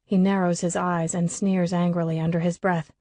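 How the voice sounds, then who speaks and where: A woman reading a first-person audiobook in an even, expressive storytelling voice. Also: on the low side, normal speed, no room sound. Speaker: audiobook narrator.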